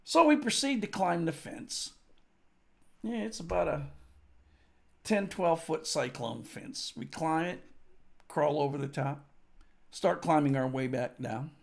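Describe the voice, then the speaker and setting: A man's voice: fairly high pitch, animated, unhurried, creaky, long pauses. A grieving man telling a casual, profane anecdote at a tribute, full of fillers and asides. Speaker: storyteller at a tribute. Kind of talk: rambling spoken anecdote.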